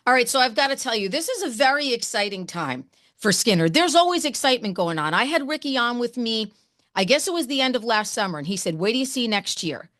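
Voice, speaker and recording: A higher-pitched woman interviewing a guest, bubbling with excitement and rushing through her sentences. Her voice sits close and dry, with hardly any room around it. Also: dry recording. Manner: gushing, excitable, talks fast in bursts. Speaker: radio host and interviewer. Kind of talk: enthusiastic interview chat.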